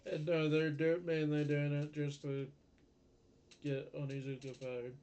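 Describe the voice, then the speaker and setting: Mellow, flat-toned man adding corrections. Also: on the high side, a little slow. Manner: chimes in with short corrections and details. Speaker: podcast co-host. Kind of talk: casual episode recap chat.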